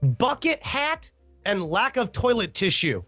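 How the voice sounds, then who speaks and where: Male podcast host, high voice, lively storyteller, faint music bed. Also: husky. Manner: animated storyteller, swooping pitch, quick asides. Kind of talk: casual podcast chat.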